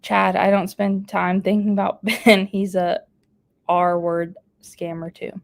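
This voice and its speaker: A woman's voice: mid-range voice, flat delivery, slow, gravelly. A woman hosting a casual live stream, chatting and laughing as she reads out viewer comments. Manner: chatty, laughs often while reading comments aloud. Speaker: live streamer reading chat.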